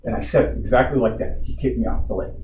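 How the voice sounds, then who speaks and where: A man with a mid-range voice speaks fast, airing his complaint to a community board during public comment at a meeting. He sounds indignant and fires off rhetorical questions. The recording is dull and echoey, with a distant mic and faint hiss.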